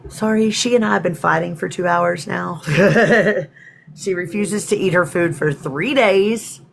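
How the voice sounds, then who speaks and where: A woman's voice: lowish voice, measured pace, gravelly, slight background noise. A woman from Texas, hosting a spiritual livestream in a chatty, rambling way and greeting viewers by name. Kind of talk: casual livestream talk.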